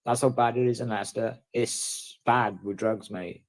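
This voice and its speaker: A man's voice: mid-range voice, fairly even intonation, moderate pace. A man from the in a casual vlog, ranting bluntly and swearing heavily. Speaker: vlogger.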